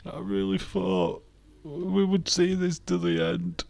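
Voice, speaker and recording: A man's voice: very animated, slow, vocal fry, a little mellow, dry recording, heavily acted. A man putting on the voice of a melodramatic, tearful woman wrestler who feels betrayed by her friend, in a mock-weepy wail. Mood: mock sobbing. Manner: mock-tearful, wailing and high.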